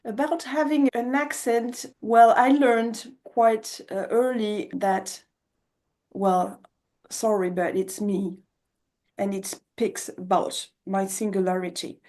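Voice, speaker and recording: A woman's voice: medium pitch, fairly even intonation, slow, a little mellow. A woman with a French accent, a guest coach who speaks English as a second language, thoughtful and laughing easily as she talks. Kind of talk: conversational interview.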